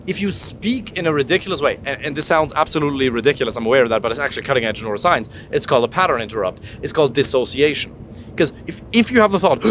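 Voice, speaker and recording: Lively, emphatic male dating coach. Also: on the high side, fast talker, slight background noise. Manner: animated, emphatic, jumps into silly voices. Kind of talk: casual talk in a taxi. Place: back of a taxi.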